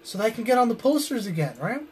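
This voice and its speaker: A man delivering a long wrestling promo as a pro wrestler, brooding and intense, with sudden loud bursts, sounding tired and drained. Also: very high-pitched, sing-song, fast talker, slight background noise.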